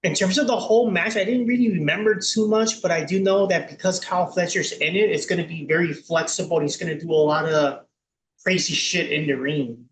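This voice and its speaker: A man's voice: fairly high pitch, a little fast, a little hiss or hum. A young man co-hosting a podcast, talking hesitantly with many ums. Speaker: podcast co-host. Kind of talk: casual chat. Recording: echoey room.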